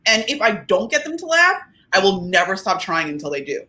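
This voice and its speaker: Animated bright-voiced woman. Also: mid-range voice, slight background noise. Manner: animated, joking, quick laughs. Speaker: podcast co-host. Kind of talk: casual podcast chat.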